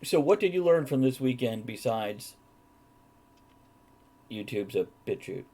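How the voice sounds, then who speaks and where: A man's voice: mid-range voice, animated, measured pace, dark tone. A man hosting a podcast, casually reading out viewer comments and joking with frequent laughter. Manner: jokey, laughs often, reads viewer comments aloud. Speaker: podcast host reading chat. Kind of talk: casual chat.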